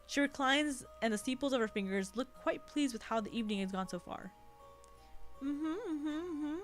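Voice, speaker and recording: A woman's voice: on the high side, quick pace, soft background music. A woman streamer reading a visual novel aloud, adding giggly, sweary asides. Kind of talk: reading a game aloud with commentary.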